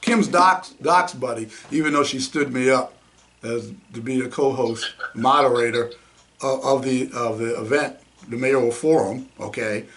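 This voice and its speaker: A man's voice: medium pitch, moderate pace, a bit bright. A man hosting a political podcast, blunt and mocking. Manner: blunt, mocking, laughs at his own jabs. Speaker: podcast host.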